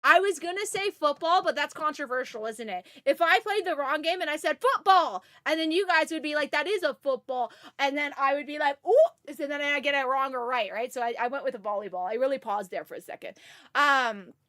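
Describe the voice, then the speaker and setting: Bright high-pitched excitable woman streamer. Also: a little fast, dry recording, studio quality. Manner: chatty, excitable, greets viewers. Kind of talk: casual live-stream chat.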